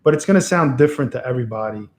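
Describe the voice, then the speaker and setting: A man's voice: medium pitch, expressive, very fast, darkish tone. A man chatting casually on a livestream from a room at home, rambling and chuckling often into a microphone. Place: home room lit by a lamp. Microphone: XLR microphone on a box.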